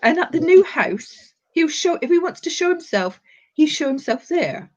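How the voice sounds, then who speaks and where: A woman's voice: high-pitched, very animated, moderate pace. An older woman working as a psychic medium on a live stream, talking with affection and calling people darling and sweetheart. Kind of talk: live-stream reading and chat. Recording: dull lo-fi live stream audio.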